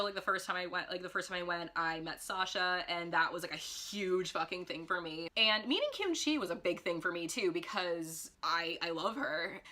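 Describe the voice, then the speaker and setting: A woman telling a story in a casual vlog, chatty and gushing, often stumbling over her words and saying "like". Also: lowish voice. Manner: excitable fan gushing. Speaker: vlogger.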